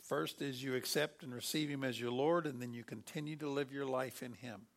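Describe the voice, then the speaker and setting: A middle-aged man preaching a sermon, lively and animated, acting out quoted voices with sudden loud bursts. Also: mid-range voice, brisk, gravelly. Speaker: pastor.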